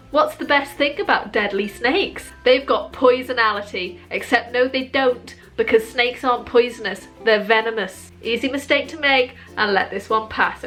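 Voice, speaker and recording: Woman reading puns in dry deadpan. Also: a little high. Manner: dry, slow deadpan punchlines with wry self-commentary. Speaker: joke video creator.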